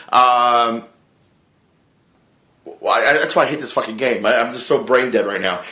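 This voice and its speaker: A middle-pitched man chats casually to camera, rambling and restarting his sentences and swearing freely. His voice is bright and forceful. The recording carries the echo of a bare room. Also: moderate pace, long pauses. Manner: rambling, excitable, swears a lot, frequent restarts. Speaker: vlogger and improv actor.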